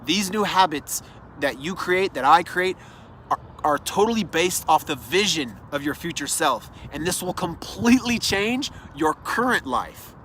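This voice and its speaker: Recorded outdoors with slight background noise, a self-development speaker gives an earnest, encouraging motivational monologue aimed straight at the listener. His voice runs on the high side, a bit bright, with lively intonation and a slightly slow pace.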